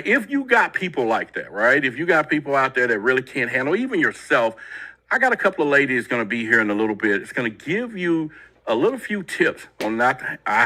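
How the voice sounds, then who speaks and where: A man's voice: mid-range voice, sharp tone, rough recording. A man hosting a talk show, chatting casually and directly to his audience, repeating himself as he goes. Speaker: show host.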